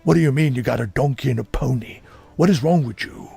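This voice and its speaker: A man putting on a brash, gruff ex-wrestler governor. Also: mid-range voice, fast, mellow, faint music behind. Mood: taunting.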